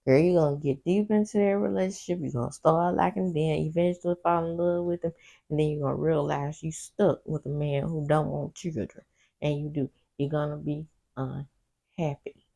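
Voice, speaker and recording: A woman's voice: low-pitched, fairly even intonation, normal speed, vocal fry, dark tone. A woman doing a casual TV recap vlog, sassy and talking back at the characters, with personal side stories. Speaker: TV recap host.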